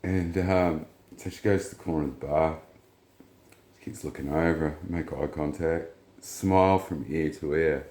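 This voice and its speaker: Very deep-voiced blunt man. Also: unhurried, echoey room. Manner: blunt, profane, rambling, retells dialogue in flat quotes. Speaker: vlogger. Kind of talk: casual storytelling monologue.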